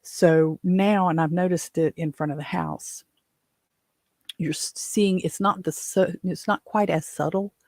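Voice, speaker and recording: Gravelly-voiced woman host venting. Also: low-pitched, dark tone, no room sound, studio quality. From West Virginia. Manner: rambling, exasperated storytelling with many fillers. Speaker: podcast host. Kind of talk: casual chat.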